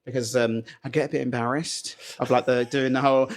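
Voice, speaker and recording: A man hosting a casual podcast interview, his voice sitting at an ordinary middle pitch. He talks in a rambling, self-conscious way, chatty and a little sheepish. He is connected to his guest remotely and wears headphones. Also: steady tone, quick pace, few pauses, soft background music. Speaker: podcast host. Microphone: remote call setup with headphones.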